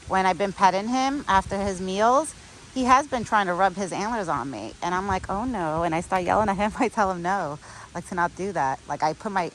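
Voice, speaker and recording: A young pregnant woman talks casually to her camera outdoors, stringing thoughts together with frequent "like" fillers. Her voice sits in a middle register, gentle and affectionate. A faint outdoor noise runs underneath. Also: medium pitch, rough recording. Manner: chatty, sprinkles talk with "like", soft and affectionate. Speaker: vlogger. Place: outdoors on a windy cold day.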